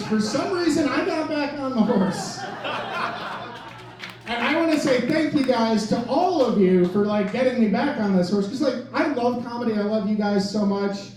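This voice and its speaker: A young man from Wisconsin doing stand-up, telling a rambling, self-mocking story full of "like" fillers. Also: very high-pitched. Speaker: stand-up comedian. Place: comedy club stage. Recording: echoey club mic from a distance. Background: audience laughter.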